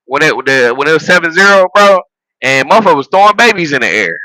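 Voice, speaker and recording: Bright, dry-voiced man ranting about football. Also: a little high, fast, no room sound, poor audio. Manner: animated, profane, laughs at his own jokes; repeats phrases and restarts while building a point. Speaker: sports vlogger and football fan. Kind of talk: casual sports rant.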